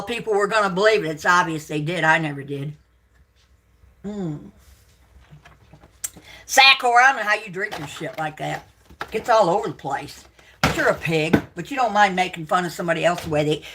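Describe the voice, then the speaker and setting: A woman on a livestream, angrily ranting at her viewers, swearing and accusing, shouting out names, then muttering to herself between outbursts. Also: fairly low pitch, husky. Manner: profane, accusing, shouting and yelling. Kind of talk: angry livestream rant at viewers.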